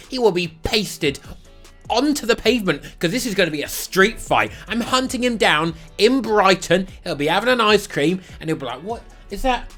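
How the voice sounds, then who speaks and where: Animated, crude young man. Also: high voice. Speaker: YouTube host. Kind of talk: comedic monologue.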